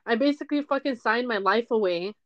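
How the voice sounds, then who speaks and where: A young woman pours out a personal story in a loose, rambling way, with lots of fillers and swearing. Her voice sits a little high. It is recorded close and dry on a dull, lo-fi mic. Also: fairly quick, no echo. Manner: rambling, frequent "like", swears, heated frustration. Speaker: podcast host.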